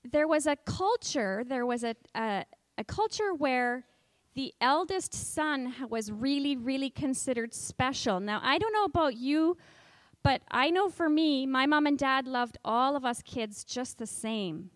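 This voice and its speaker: A woman's voice: high voice, animated, measured pace, no room sound. A woman teaching a Bible lesson to children in a coaxing way, asking them questions and inviting them to join in.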